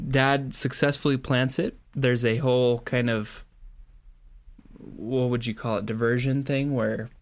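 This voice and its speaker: A man co-hosting a casual fan podcast, recapping an episode in a mid-pitched voice. He slips into playful voices for the characters as he goes. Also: little pitch movement, unhurried. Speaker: podcast co-host.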